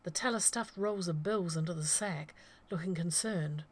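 A woman narrating a story aloud in an even, steady way. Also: on the low side, moderate pace.

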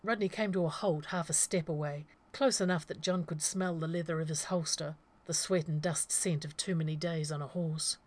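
Woman with a low voice reading an audiobook. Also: steady tone, normal speed, few pauses, a little mellow. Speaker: audiobook narrator. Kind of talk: scripted narration.

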